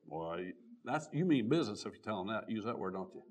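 A man preaching a sermon, reading old-style scripture aloud and stopping often to restart, his voice swelling on key words and then dropping low and quiet. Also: very animated, fast talker. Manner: reads scripture aloud in King James wording with frequent restarts.

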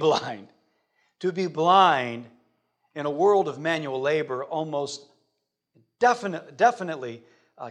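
Male preacher with a fairly high voice, dramatic delivery with big swings between loud and soft. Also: husky. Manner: dramatic, sweeping swings from loud to hushed, rhetorical questions. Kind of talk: sermon.

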